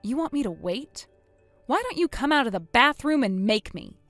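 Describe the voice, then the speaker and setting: A woman narrating a first-person story in a measured, matter-of-fact way. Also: fairly high pitch, sing-song, dry recording. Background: soft music.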